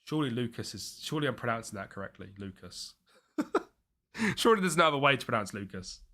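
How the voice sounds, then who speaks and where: Young male streamer, bright animated voice, thinks aloud, casual live play-by-play. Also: medium pitch, brisk. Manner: chatty, mutters and thinks aloud, excited bursts at chances. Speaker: streamer playing a football management game. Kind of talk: live gameplay commentary.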